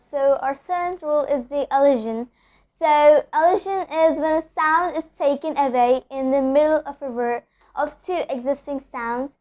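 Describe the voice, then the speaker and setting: A woman from India teaching pronunciation rules, repeating example words slowly and often saying "so" and "okay". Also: high voice, a little mellow.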